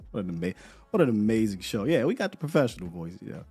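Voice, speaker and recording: A man's voice: on the low side, very animated, fast, dark tone, faint music behind. A man hosting a live podcast in casual chat, laid-back and slangy, often repeating words as he talks. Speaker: podcast host.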